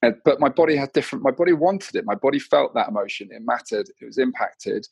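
A man's voice: medium pitch, animated, fast, creaky, a little mellow, breathy edge, no echo. A man in his thirties, a mindset coach, telling personal stories candidly and reflectively in a casual podcast conversation, often restarting his sentences. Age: 30s.

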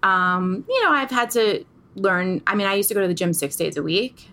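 Earnest, animated woman guest. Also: medium pitch, normal speed. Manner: earnest, animated, uses vivid analogies. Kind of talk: candid interview conversation.

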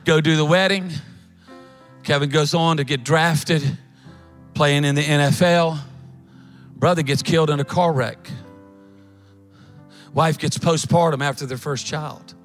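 A middle-aged pastor with a drawl preaches from a church stage, his voice sitting notably high for a man. He tells his story in a folksy, animated way, tossing in quick asides, while soft music plays faintly underneath. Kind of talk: sermon storytelling.

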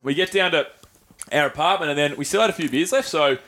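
Podcast host, Australian man, quick and animated storyteller, slightly high voice. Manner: animated, laughs often, voices other people in stories. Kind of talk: casual storytelling chat.

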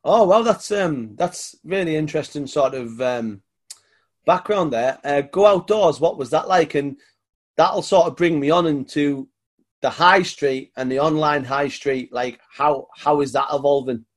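A man's voice: on the high side, measured pace. Upbeat Northern English man hosting. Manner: upbeat, enthusiastic, chatty. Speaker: podcast host. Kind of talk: casual interview.

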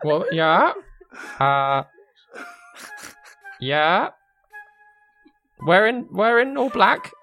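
A woman voicing a chattering flock of ravens, squawking high and repeating herself eagerly. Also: sing-song, drawn-out words, long pauses, fairly bright tone, faint music behind, exaggerated voice.

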